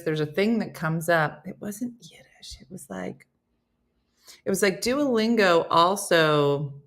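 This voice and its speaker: A woman's voice: on the low side, fairly bright tone. A middle-aged woman hosting a casual live chat, laughing and reading out viewers' comments. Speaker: host.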